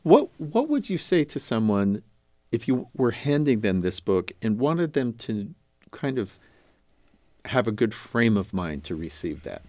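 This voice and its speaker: A man's voice: fairly low pitch, huge pitch swings, unhurried, a little mellow, dry recording. A man hosting, posing inviting questions to the guests. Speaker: host. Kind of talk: interview questions.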